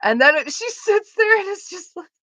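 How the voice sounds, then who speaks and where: A woman streamer chatting casually with viewers, animated and profane, with lots of "like" fillers. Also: very high voice, normal speed, no room sound. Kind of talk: casual live stream chat. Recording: slightly dull lo-fi sound.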